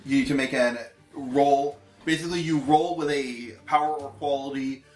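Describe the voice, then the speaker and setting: A man's voice: medium pitch, fairly even intonation, moderate pace. A man running a tabletop game, explaining rules and reading them out with fillers. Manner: reads rules aloud, hesitant fillers. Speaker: game master. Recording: echoey room, faint music.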